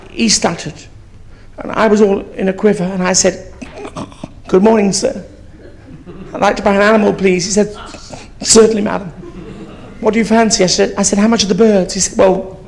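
A comedian in drag plays a brash, gossipy old East End woman on a theatre stage, his voice sitting high, gravelly and a little mellow. In this live character stand-up, he tells rambling, bawdy stories with swearing.

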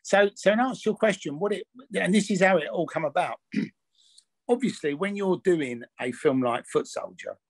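An actor and film producer tells stories in a candid interview, his voice high-pitched and his pace moderate. He's blunt and rambling, with many restarts and fillers. The recording is dry.

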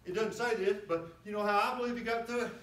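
A man preaching a sermon as a guest pastor, fiery and rising to shouts and whoops. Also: high-pitched, fast. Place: church sanctuary. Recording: roomy church from far off.

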